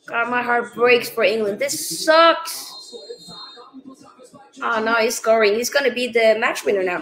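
Woman hosting a live match watchalong, high voice, pretty echoey room, emotional and chatty to viewers. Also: measured pace, long pauses, very noisy. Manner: emotional, thinks aloud, talks straight to viewers. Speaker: host.

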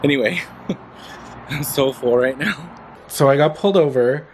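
A man talks to his handheld camera in an easy, chatty vlog manner, breaking into giggles often. His pitch sits in a middling range. A faint hum of vehicles and street noise runs behind him. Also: moderate pace. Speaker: vlogger. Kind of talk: casual vlog chat.

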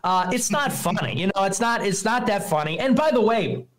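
A man with a fairly high voice hosts a livestream. He talks in a profane, mocking rant that runs fast from one jab to the next. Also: expressive. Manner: profane, mocking, rapid-fire ranting. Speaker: livestream host. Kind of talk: heated livestream talk.

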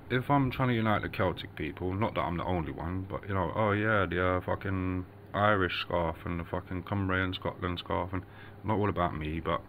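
A man's voice: sits low, fairly quick, hardly any pauses, a bit bright, a little hiss or hum. A man from the United Kingdom rambling in a vlog monologue, swearing constantly and muttering asides to himself.

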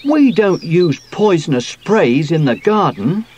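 A man's voice: sing-song, unhurried, a little hiss or hum. A man doing an eager little magician bear. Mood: earnest. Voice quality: high and bright. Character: small excitable magician bear puppet, boy.

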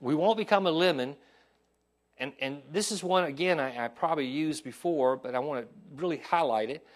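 Pastor, male, high-pitched, lively pulpit delivery, asks congregation for responses. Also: normal speed. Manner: animated preaching with call-and-response asides. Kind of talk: sermon. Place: church sanctuary.

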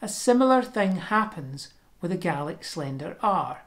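A woman giving a pronunciation lesson, explaining sounds step by step and demonstrating them slowly and deliberately. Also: fairly low pitch, animated. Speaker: language teacher.

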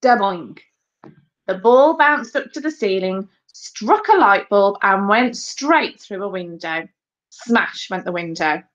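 Casting: woman teacher, slow expressive read-aloud, muffled lo-fi audio. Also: medium pitch. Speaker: primary school teacher. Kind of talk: reading a children's book aloud.

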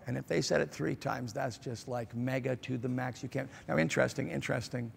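Male pastor, gravelly, slow, halting sermon delivery, echo of a large church hall. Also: mid-range voice. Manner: slow, halting delivery with many fillers, rising to emphatic repetitions. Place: church auditorium. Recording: large hall with long reverb.

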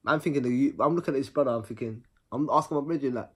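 A man telling a personal story in a casual monologue. He talks in an animated way, full of slang, and repeats words for rhythm. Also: mid-range voice, quick pace, husky.

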